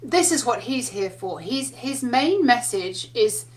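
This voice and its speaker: A woman's voice: fairly high pitch, expressive, unhurried. A woman giving a casual spiritual talk, telling stories in a chatty way and laughing often. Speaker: spiritual teacher.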